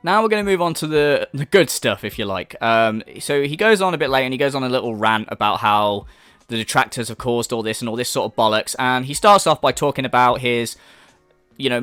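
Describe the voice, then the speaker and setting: A man's voice: medium pitch, no echo. A man giving a ranting commentary, swearing and mocking as he talks. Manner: profane, mocking, animated. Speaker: commentary YouTuber.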